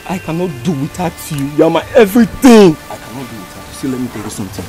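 An actor playing a worried, broke young boyfriend who pleads and flatters his girlfriend. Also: fairly low pitch, rapid-fire, close to an everyday voice, rough recording. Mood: pleading. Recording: background film music.

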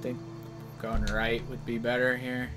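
A woman's voice: a bass voice, level tone, unhurried, over music. A woman giving live gameplay commentary, frustrated and exasperated, swearing at the game. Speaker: gamer doing live commentary.

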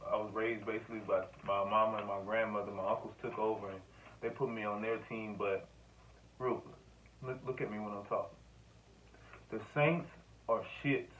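A man's voice: fairly low pitch, a bit bright. Rambling man, tinny distant sound. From Louisiana. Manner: rambling, profane, talks straight to camera. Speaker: sports vlogger. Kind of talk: casual sports rant to camera.

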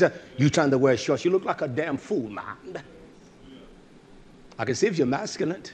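A male preacher giving a fiery, blunt sermon, swinging from shouts to low asides. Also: expressive, moderate pace, pauses often, slightly rough.

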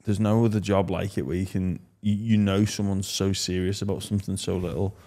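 A man with an Australian accent hosting a casual podcast interview, chatty and quick to react. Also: low voice, little pitch movement, dark tone. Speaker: podcast host.

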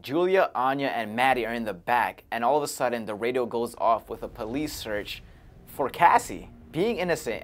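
A man talking casually to camera, reviewing a film in an animated, chatty way with frequent chuckles. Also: mid-range voice. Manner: animated, chuckling between remarks, conversational. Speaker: movie reviewer. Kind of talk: casual movie review commentary.

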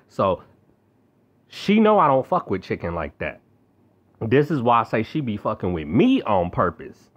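A man's voice: on the low side, very animated, normal speed. A young man, venting angrily and profanely in a rant to camera. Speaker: vlogger. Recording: slightly dull lo-fi audio.

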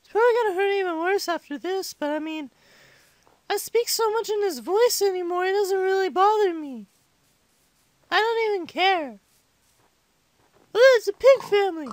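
A squeaky hyper little boy gamer. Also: moderate pace, long pauses, no echo. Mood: chatty. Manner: rambling, excitable, chatty. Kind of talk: comedic let's-play commentary.

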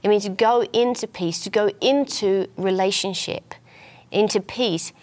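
A woman's voice: medium pitch, measured pace, a little mellow. Woman teaching scripture in earnest. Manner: earnest, explanatory, many small restarts. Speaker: minister and co-host. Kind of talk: Bible teaching in conversation.

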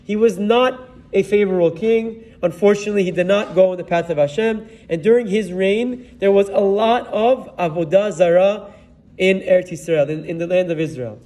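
A man's voice: high-pitched, moderate pace, dark tone, far from the mic. A man, a rabbi, retelling a Bible story in a sermon and weaving Hebrew terms and verses into his telling. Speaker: rabbi giving a Torah talk.

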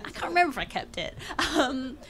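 A woman's voice: high-pitched, very animated, fairly quick, a bit bright. A young woman author with a mixed British and American accent, answering questions at a bookshop event in a chatty, self-deprecating way with many fillers. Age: young adult. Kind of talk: talk Q&A answers.

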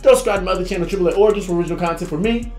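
A young man hosting a reaction video, chatting casually and dropping from a raised voice into low, laid-back asides. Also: racing, a little mellow. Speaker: reaction channel host. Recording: roomy room with music underneath.

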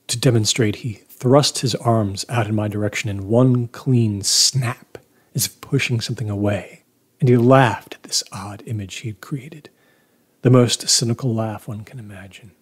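A man reading first-person horror fiction aloud in a measured, low-key way, often dropping to near-whispers. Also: steady tone, breathy edge. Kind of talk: first-person story narration.

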